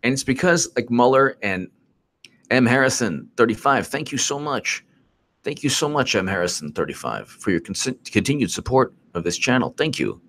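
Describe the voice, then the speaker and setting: A man's voice: mid-range voice, big pitch swings, normal speed, fairly bright tone. A man hosting casual political commentary on a live stream, repetitive and sarcastic, often exasperated.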